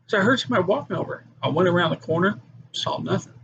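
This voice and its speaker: Testimony speaker: earnest man, somewhat high and gravelly, muffled recording with noise behind him. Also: animated, quick pace, fairly bright tone. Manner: earnest storytelling with acted quotes. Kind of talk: personal testimony.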